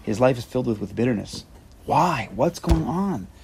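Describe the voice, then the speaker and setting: A man leading an informal Torah class, animated and acting out quotes with sudden loud jumps in his voice. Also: mid-range voice, normal speed, creaky, slight background noise.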